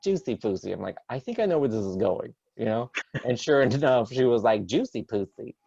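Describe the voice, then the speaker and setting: A man's voice: mid-range voice, lively intonation, fairly quick, gravelly, dry recording, highs cut off. A man in his thirties doing a rambling stand-up set over a video call, hesitant with many fillers. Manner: rambling, hesitant with many fillers, jumps loud for quoted outbursts. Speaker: stand-up comedian.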